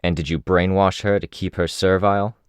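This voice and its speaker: An actor reading a hostile, metal-skinned young team leader in an audiobook, speaking in a harsh, confrontational tone. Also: male voice, sits low, little pitch movement, brisk, smooth, no echo, natural voice.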